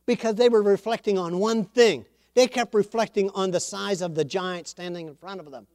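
High-voiced animated preacher man. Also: normal speed, no room sound, clean studio sound. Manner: animated storytelling preacher, acts out quotes. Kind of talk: sermon.

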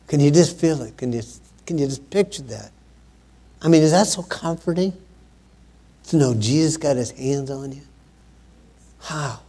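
A man preaching a sermon in a conversational way, with many pauses, growing louder and higher when he quotes scripture. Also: creaky, breathy edge.

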